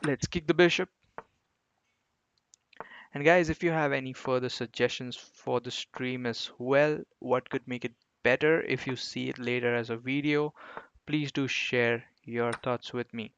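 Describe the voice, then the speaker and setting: A man commentates his own online chess games at an unhurried, easygoing pace, talking straight to his viewers and laughing off his mistakes. His voice sits at an ordinary middle pitch and sounds close and dry. The audio is a little muffled, like a cheap stream mic. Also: fairly even intonation, a bit bright, smooth, no room sound. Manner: chatty, talks to viewers, self-mocking about his blunders. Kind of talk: live commentary while playing online chess.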